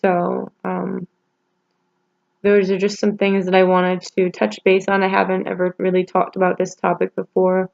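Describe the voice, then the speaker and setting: A woman talking haltingly in a personal vlog, holding back tears, with many pauses and restarts. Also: mid-range voice, monotone, gravelly, darkish tone, lo-fi sound. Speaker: vlogger.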